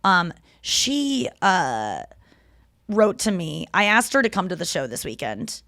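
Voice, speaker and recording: A woman's voice: lowish voice, big pitch swings, takes it slowly, fairly bright tone, no echo, studio quality. A woman in her thirties hosting a podcast, telling rambling stories in casual chat and swearing freely. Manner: chatty, rambling storyteller who swears freely. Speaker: podcast host.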